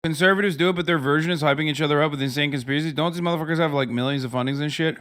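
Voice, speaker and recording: A man in his thirties ranting profanely on a livestream, often switching into loud mocking voices. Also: a little high, rapid-fire. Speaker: streamer reacting to videos. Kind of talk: casual livestream commentary.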